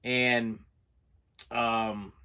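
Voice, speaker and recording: A middle-aged man hosting a movie collecting channel, telling a personal story in a halting, emotional vlog monologue and repeating his words as he goes. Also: medium pitch, level tone, pushed and bright, smooth. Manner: halting, repeats words, voice rises when upset.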